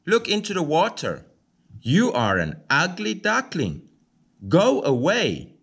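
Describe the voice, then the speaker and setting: A man's voice: high voice, wildly swooping pitch, takes it slowly, fairly bright tone, husky, voice pushed up, exaggerated voice. A man voicing a big, scornful male marsh duck in a storybook reading.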